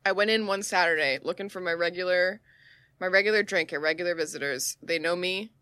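A woman co-hosting a casual comedy chat, telling an animated anecdote and swearing casually. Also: lowish voice, a little fast, clear, resonant tone, no echo.

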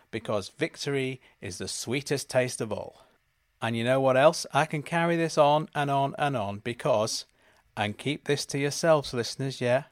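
A man, hosting a podcast and delivering a deadpan comic monologue about absurd schemes. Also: mid-range voice, no echo, studio quality. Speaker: podcast host.

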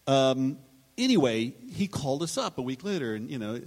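A man's voice: medium pitch, big pitch swings, normal speed. A man on a live writers' panel, telling anecdotes in a rambling, self-interrupting way and acting out quotes.

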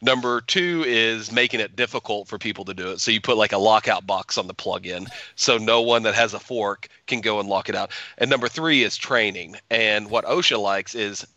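A man's voice: fairly low pitch, normal speed, hardly any pauses, sharp tone, dry recording. A man who brews beer, co-hosting a podcast and explaining things plainly with everyday examples. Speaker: brewer and podcast co-host. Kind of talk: casual explaining.

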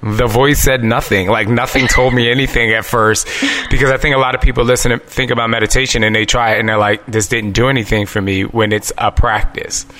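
A man's voice: mid-range voice, little pitch movement, fast, pushed and bright. A man hosting a podcast in casual conversation, earnest and openly emotional. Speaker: podcast host.

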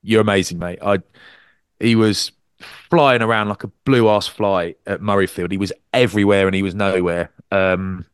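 At a moderate pace, this rugby podcast co-host, who also commentates on rugby, spins stories in casual talk. His animated delivery includes quotes acted out with big jumps in pitch, recorded dry with a clean, studio-quality tone.

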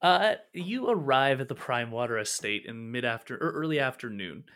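A man narrating as game master in a tabletop game, relaxed and halting, correcting himself as he goes. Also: mid-range voice.

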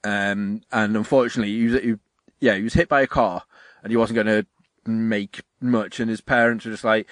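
Animated man telling stories. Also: fairly low pitch, a little fast, no room sound. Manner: animated storyteller, swears, laughs often. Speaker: podcast co-host. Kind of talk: casual chat.

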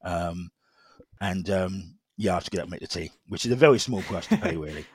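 A middle-aged man telling his personal story as an interview guest, halting and repeating words with many fillers. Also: sits low, husky.

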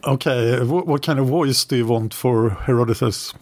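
A man co-hosting a history podcast, chiming in with brief, wry comments and dry humor. His mid-pitched voice sits close and dry, with no room sound around it. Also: moderate pace, a little mellow, no echo. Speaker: podcast co-host. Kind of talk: casual history podcast chat.

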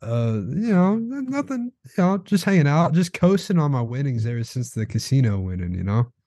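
A young man co-hosting a podcast, laid-back and sarcastic, delivering jokes deadpan. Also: mid-range voice, a little fast, dry recording, studio quality. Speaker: podcast co-host. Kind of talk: crude casual banter.

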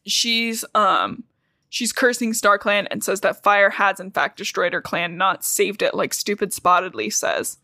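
A woman hosting a casual book-recap podcast, swearing freely and retelling scenes with animated, giggly energy. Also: medium pitch, measured pace, dry recording, studio quality. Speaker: podcast host.

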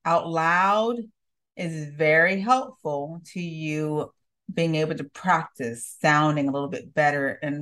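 A woman's voice: low voice, a bit bright. A woman communication coach hosting her show, talking listeners through voice habits in a direct, encouraging way. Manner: direct, encouraging, repeats words for emphasis. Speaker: communication coach and podcast host. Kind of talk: coaching monologue.

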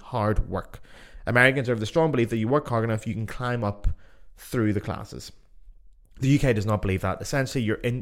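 A young man with a softened Belfast accent, hosting a solo podcast and giving blunt, opinionated views with plenty of swearing. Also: mid-range voice. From Northern Ireland. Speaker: podcast host.

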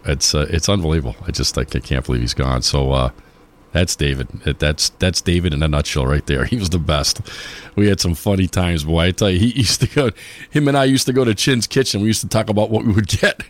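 A man's voice: deep voice, fairly quick. A man hosting a polka radio show, chatting casually on air and reminiscing with many fillers and restarts.

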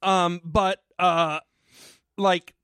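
A man co-hosting a podcast, telling a story in casual, profane chat with sudden loud outbursts. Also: sits high, little pitch movement, drawn-out words, clear, resonant tone, dry recording, clean studio sound. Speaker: podcast co-host. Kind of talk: casual comedic recap chat.

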